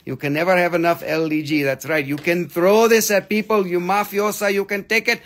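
A man selling crystals on a live stream, rattling off prices and teasing viewers in a playful, joking way that jumps from loud to mumbled. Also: high-pitched, steady tone, a little fast. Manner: playful, joking, swings between loud teasing and quiet muttering. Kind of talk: live sales stream patter.

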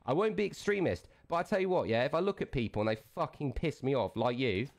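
A man's voice: medium pitch, lively intonation, fast talker. A man streaming a game, launching into an aggressive, profane rant that keeps jabbing with "yeah?". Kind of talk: angry livestream rant.

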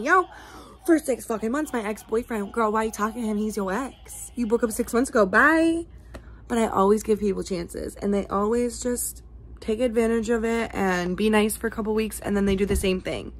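A woman's voice: normal speed, soft background music. A young woman vlogger chatting casually to camera, venting in a chatty, profane way. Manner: chatty, profane, venting with big swings in pitch. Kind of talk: casual vlog chat.

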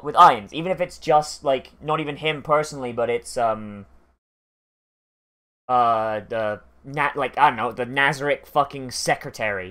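Reaction host, loose chatty delivery, profane, filler-heavy. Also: medium pitch. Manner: rambling, profane, full of fillers and restarts; frequent laughter. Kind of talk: casual reaction commentary.

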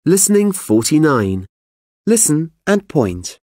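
Mellow voice calling out track numbers and instructions, slowish. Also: medium pitch, very animated, dry recording, studio quality. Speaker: track announcer. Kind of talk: scripted instructions for learners.

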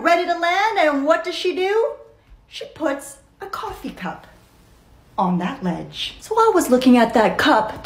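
A woman flight attendant telling comic stories with an animated, exaggerated delivery. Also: high voice, echoey room. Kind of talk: comedic storytelling vlog.

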